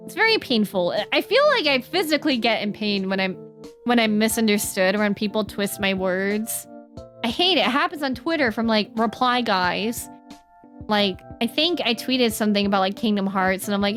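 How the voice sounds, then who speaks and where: A woman's voice: fairly high pitch, animated, a little fast, a bit bright. A young woman streaming, chatting with her viewers in an earnest way and breaking into playful silly noises. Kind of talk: casual chat with stream chat. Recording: faint music behind the voice.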